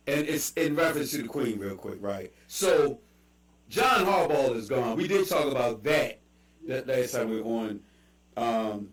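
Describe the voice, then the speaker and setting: A podcast host with a Baltimore accent talks loosely and animatedly in a casual chat, jumping between stories, quick asides, and laughs. His mid-range voice sounds far off, since he sits a little away from the mic, and the room adds an echo.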